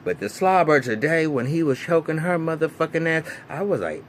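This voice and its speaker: A man, recapping a TV episode in a casual, animated, profane way full of fillers and restarts. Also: fairly high pitch, fairly quick, slight background noise. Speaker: TV recap vlogger.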